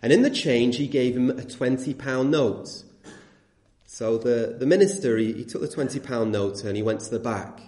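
Man, preacher, emphatic, rhetorical, warm, roomy echo. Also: mid-range voice, normal speed. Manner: earnest, emphatic, rhetorical questions. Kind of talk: sermon. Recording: echoey room.

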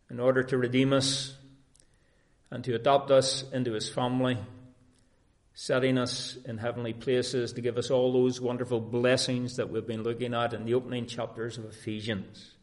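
Earnest preacher man. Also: mid-range voice. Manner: earnest, emphatic preaching with varied emphasis. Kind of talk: sermon.

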